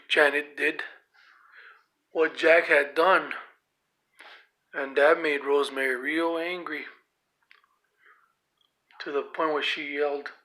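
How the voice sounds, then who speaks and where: Slow, bright-voiced male storyteller. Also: fairly high pitch. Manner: slow, dramatic, shifting loudness. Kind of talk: spooky storytelling.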